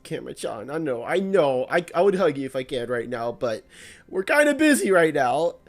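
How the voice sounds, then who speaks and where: A man's voice: on the high side, big pitch swings, normal speed. A man playing through a visual novel as a VTuber, reading game lines aloud and reacting in casual, rambling commentary. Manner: chatty, lots of "like" and restarts, emotional reactions.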